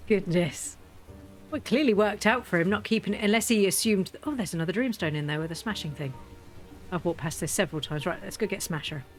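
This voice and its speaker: This gaming video host is a woman who speaks fairly quickly in a low-leaning voice, with faint music playing behind her. She keeps her gameplay commentary relaxed and lively, giggling and easily bursting into laughter.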